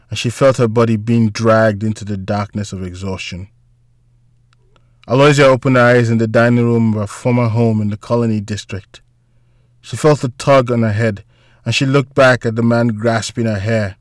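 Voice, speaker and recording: Guy narrating an audiobook, steady and even, dry close sound. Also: medium pitch, dry recording. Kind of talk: scripted narration.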